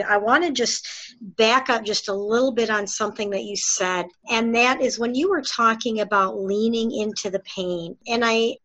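A woman's voice: fairly high pitch, fairly bright tone, poor audio. A middle-aged woman hosting a podcast interview, talking in an earnest, emphatic and encouraging way. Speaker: podcast host. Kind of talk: conversational interview.

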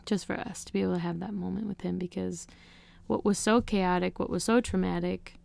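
A woman's voice: lowish voice, fairly even intonation, brisk, gravelly, darkish tone. A woman, as an interview guest, candidly recounts a personal story in an earnest, emotional way, often leaning on "you know" and "like.".

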